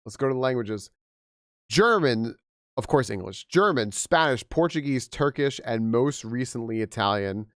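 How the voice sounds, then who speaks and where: A young man chatting casually on a game stream, rambling and animated with frequent restarts, slightly hoarse from losing his voice. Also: medium pitch, moderate pace, no room sound, clean studio sound. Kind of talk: casual live-stream chat.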